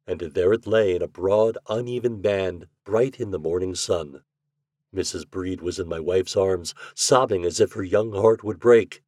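A man hosting a podcast, reading classic fiction aloud in a measured, expressive way. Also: deep voice, no room sound, clean studio sound. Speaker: podcast host and reader.

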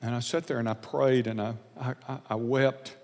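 A man preaching a sermon, telling a personal story in an earnest, confessional way, often halting and repeating words. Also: mid-range voice, steady tone, darkish tone, long reverb tail.

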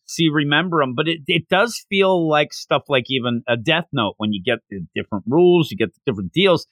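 A man talks animatedly through a manga chapter, jumping into characters' voices as he explains. His tone is bright and forceful. The sound is close and dry, with no room echo. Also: a little high. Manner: animated, acts out characters' lines. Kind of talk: casual chat about a manga.

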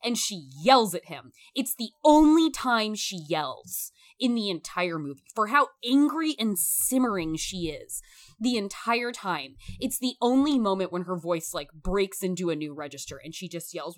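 A woman talking through a film in a casual, emphatic discussion, animated and swearing freely. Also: medium pitch, unhurried.

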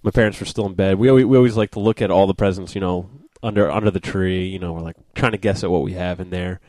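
Young male podcast guest, animated storyteller, dry recording. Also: deep voice, no room sound. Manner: storytelling, laughs often, halting restarts. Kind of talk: casual chat.

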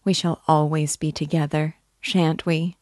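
A woman reading the lines of a timid, earnest young girl who speaks softly and hesitantly. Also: low voice, level tone, measured pace, no echo, clean studio sound. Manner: soft, hesitant, heartfelt.

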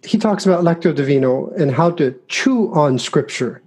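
Man, podcast host, casual questions, husky, mellow. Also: a little high, lively intonation, normal speed. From United States. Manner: casual, slightly hesitant questioning. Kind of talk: podcast interview.

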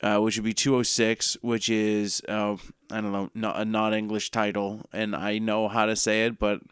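Smooth-voiced man rambling on a podcast. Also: on the low side, completely flat delivery, a bit bright, no room sound, studio quality. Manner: jokey, rambling, lists things slowly. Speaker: podcast co-host. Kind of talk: casual chat.

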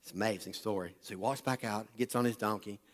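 A man preaching a sermon, retelling a Bible story with animated energy and calling on the congregation to listen up. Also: fairly low pitch, quick pace. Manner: animated, talks directly to the congregation. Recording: long hall reverb.

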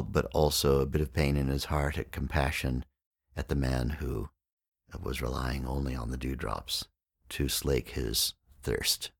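A male podcast host tells a story and then unpacks its lesson, speaking in a measured, explanatory manner. His voice is exceptionally deep, and the recording is dry and close with no room sound. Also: vocal fry, husky, no room sound. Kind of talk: storytelling narration with teaching.

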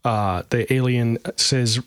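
A man co-hosting a podcast in a loose, rambling way, stumbling through fillers and poking fun at himself. His voice sits at an ordinary pitch in a dry, close recording. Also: slow, smooth, no room sound. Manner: rambling, self-deprecating, full of fillers. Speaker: podcast co-host. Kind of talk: casual chat.

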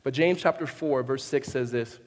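A man preaching a sermon as pastor, animated, often restarting and acting out the voices he quotes. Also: mid-range voice, moderate pace. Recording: reverberant hall.

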